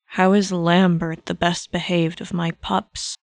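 A woman reading a fan story aloud, voicing a gruff, exasperated, fatherly older male mentor in a low, grumbling tone. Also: little pitch movement, a little slow, no echo.

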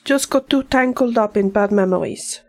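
A woman voicing a gentle, earnest young male monster hunter who speaks softly and hesitantly. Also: medium pitch, normal speed, voice pushed up, lightly acted. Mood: tender. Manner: soft, hesitant and sincere.

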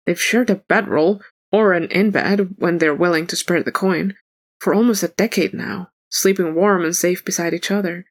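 A woman reading fan fiction aloud in an even, unhurried narrating voice. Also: lowish voice. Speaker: audiobook reader.

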